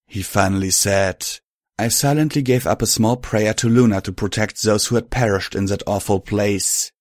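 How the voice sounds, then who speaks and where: A man reading fan fiction aloud as an audiobook narrator in a steady storytelling manner. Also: lowish voice, normal speed, no echo, clean studio sound.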